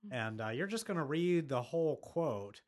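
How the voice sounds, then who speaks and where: A man's voice: a little high, expressive, normal speed, darkish tone. A man hosting a podcast in a chatty, giggly, storytelling way. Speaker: podcast host. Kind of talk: casual chat.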